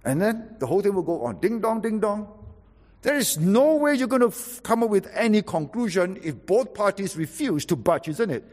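Male preacher, husky, wide swooping pitch, loud-to-soft emphatic delivery, big reverberant hall. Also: brisk, few pauses. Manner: emphatic, animated preaching with sudden drops to quiet. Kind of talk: sermon.

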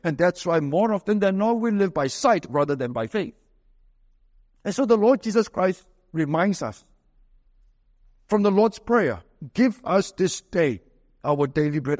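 A man with a Singaporean English accent preaching a sermon as pastor, emphatic, with slow, drawn-out scripture quotes. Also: sits high, a little mellow, in a large hall.

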